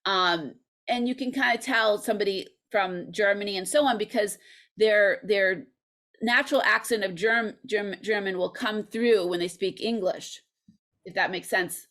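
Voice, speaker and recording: In a medium-pitched, fairly bright voice at a moderate pace, an English teacher and channel creator from the United States chats during a casual interview held over video call. She is thoughtful and talkative, filling pauses with frequent ums.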